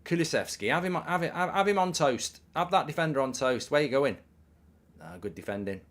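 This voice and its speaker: A man's voice: fairly high pitch, animated, fairly quick, fairly bright tone. Man, middle-aged, watchalong host, casual chat, reacting to the match. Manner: casual, chatty, reads out viewer messages. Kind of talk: live football watchalong commentary.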